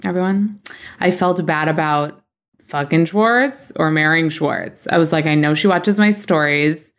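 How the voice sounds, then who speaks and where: A woman hosting a podcast, telling gossip stories in a chatty, animated way with lots of "like"s. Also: low-pitched, measured pace. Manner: gossipy, animated storytelling with many "like"s and bursts of laughter. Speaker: podcast host. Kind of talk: casual chat.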